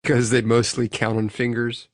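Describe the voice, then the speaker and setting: A man co-hosting a podcast, telling dark jokes in casual chat with slow, drawn-out setups. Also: no room sound, clean studio sound. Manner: slow, drawn-out setups with lively pitch swings. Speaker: podcast co-host.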